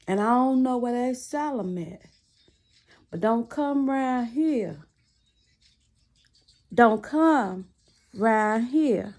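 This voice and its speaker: A woman's voice: medium pitch, warm tone, husky. A woman chatting casually to camera from a small cluttered room at home, giving sassy, preachy relationship advice while she laces shoes. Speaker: vlogger.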